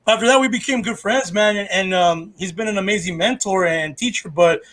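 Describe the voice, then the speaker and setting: A man's voice: sits high, a little fast, fairly bright tone. A man, a comedian co-hosting a podcast, telling stories in casual chat, rambling and profane with lots of restarts.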